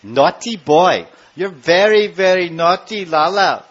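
A man's voice: high-pitched, lively intonation, takes it slowly, fairly bright tone, slightly rough, voice pushed up, full character voice. A man doing an exasperated scolding mother. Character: scolding mother of a mischievous little boy. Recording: dull lo-fi recording.

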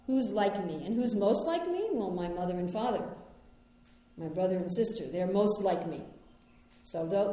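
Mellow American woman in an echoey room. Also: medium pitch. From New York, United States. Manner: storytelling, gently reflective, with personal anecdotes. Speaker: spiritual teacher. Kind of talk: conversational spiritual talk.

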